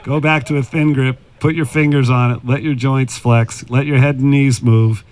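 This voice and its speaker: Casting: man, ex-tour golfer, casual anecdotal storyteller, mid-pitched voice, outdoors at a club. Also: steady tone, moderate pace, a little mellow. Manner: anecdotal, acts out quoted dialogue. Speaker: former tour golfer giving putting advice.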